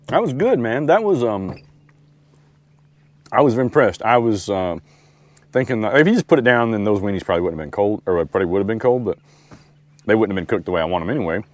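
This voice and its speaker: Casting: easygoing man in an outdoor vlog, lowish voice, dry close sound, rambling chat. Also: expressive, a little fast, long pauses, darkish tone, no room sound. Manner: laid-back, rambling, talks to his dog. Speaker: outdoor vlogger. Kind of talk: casual camping vlog talk. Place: outdoors at a lakeside campsite.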